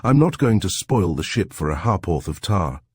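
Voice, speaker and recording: A man voicing a pushy, ingratiating middle-aged crook who talks loud and emphatic. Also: low voice, sing-song, normal speed, husky, no room sound, studio quality, full character voice.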